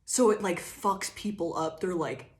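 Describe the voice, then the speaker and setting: A woman's voice: lowish voice, a little slow, roomy sound. A woman giving a casual, rambling tarot reading, laughing often and acting out quoted voices. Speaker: tarot reader.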